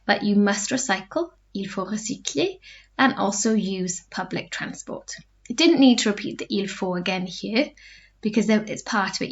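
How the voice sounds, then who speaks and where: Woman, French teacher, patient step-by-step explanations, muffled lo-fi recording. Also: mid-range voice. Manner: patient, explains step by step, repeats phrases slowly. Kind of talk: recorded online lesson. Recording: dull lo-fi recording.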